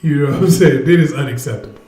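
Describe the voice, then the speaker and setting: A man's voice: on the high side, fast talker, warm tone, reverberant. A man hosting a casual livestream, energetically urging his viewers to join in. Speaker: livestream host. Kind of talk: casual live chat with viewers.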